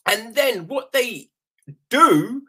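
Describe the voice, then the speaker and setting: A man talks through a film in a loose, conversational critique, slow and unhurried in pace. His voice is husky and a little rough at the edges, and he keeps the energy up by checking in with "right?" and snapping into short acted-out lines. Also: very high-pitched. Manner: animated, keeps asking "right?", acts out quick quoted lines, swears freely. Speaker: film reviewer. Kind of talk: casual spoken film critique.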